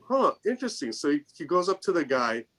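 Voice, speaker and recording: A man telling a story casually on a video call, acting out the people he quotes in a higher voice. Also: a bit bright. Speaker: storyteller in a group chat.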